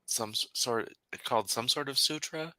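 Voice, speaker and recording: A man's voice: medium pitch, normal speed, sharp tone, dry recording. A man co-hosting a casual chat, tossing in dry, wry quips.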